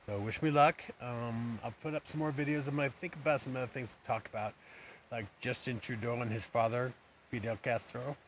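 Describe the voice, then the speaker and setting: A man's voice: medium pitch, fairly even intonation, brisk, a little hiss or hum. A man chatting casually in a rambling, upbeat way while at a riverside campground. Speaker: vlogger. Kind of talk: casual camping vlog.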